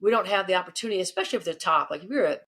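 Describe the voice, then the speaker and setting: Fast-talking woman leadership coach. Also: fairly low pitch. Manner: animated, acts out quoted people. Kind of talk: casual interview answers, storytelling.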